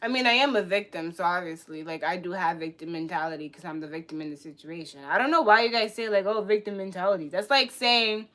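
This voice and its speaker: A woman ranting to her viewers on a livestream, blunt and profane, swinging between loud outbursts and low muttering. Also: fairly quick, hardly any pauses. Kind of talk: casual rant to viewers.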